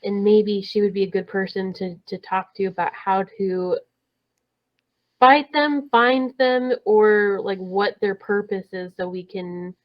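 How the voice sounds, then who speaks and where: A woman's voice: mid-range voice, measured pace, no echo, dull audio. A woman playing in a tabletop game who talks playfully and thinks aloud as she plans. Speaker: player.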